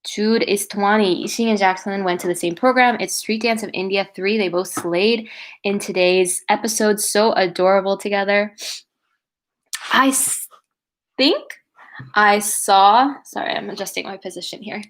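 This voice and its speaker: A young woman chats through a livestream, reading viewer comments aloud. She gushes easily and scatters her talk with fillers, in a voice of ordinary middle pitch for a woman. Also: fairly even intonation, moderate pace. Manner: chatty and gushing, many "like"s and "oh my God"s. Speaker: livestream host and cover singer.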